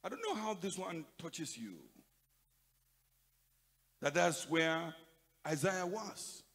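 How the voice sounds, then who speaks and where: An older man with a Nigerian accent preaching a sermon to a conference of pastors, emphatic, repeating phrases and swinging from loud to soft. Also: fairly high pitch, slow. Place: large conference hall. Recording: long hall reverb.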